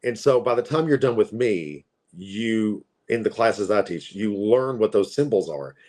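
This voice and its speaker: A man's voice: lowish voice, lively intonation, a little slow, a little mellow. A man in his forties from Appalachia, a tarot reader telling stories in a chatty, rambling way. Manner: chatty, rambling, with frequent fillers. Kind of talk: casual storytelling.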